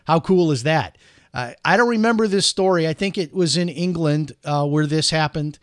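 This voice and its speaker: A middle-aged man hosts a relaxed commentary show, rambling through stories with lots of uhs and self-corrections. His voice sits a little high for a man. The recording is dry and close, with no room sound. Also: normal speed, clear, resonant tone, dry recording. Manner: chatty, rambling, lots of fillers and restarts. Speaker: show host. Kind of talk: casual news commentary.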